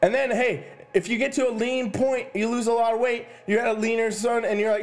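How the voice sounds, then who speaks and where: A man's voice: very high voice, brisk, few pauses. A man ranting about fitness to his viewers, swearing often and stressing his points hard. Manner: swearing, emphatic, addresses "ladies and gentlemen". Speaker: fitness coach. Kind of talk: profane fitness rant to camera.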